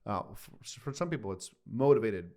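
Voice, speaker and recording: A male pastor talks fast in a fairly low voice. He chats casually about a sermon and drives his points home with lively storytelling. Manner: lively storyteller who acts out quotes.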